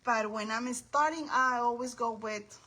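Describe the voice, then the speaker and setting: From her home craft table, a woman hosts a casual craft livestream, chatting warmly with viewers by name and calling them her friends. Her voice is fairly high and unhurried, and the recording is rough.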